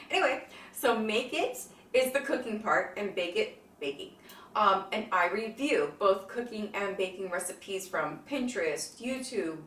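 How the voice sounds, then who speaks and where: A woman hosting her cooking channel in a casual, bubbly vlog, excitable and swearing freely. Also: mid-range voice. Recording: echoey room, mic at a distance.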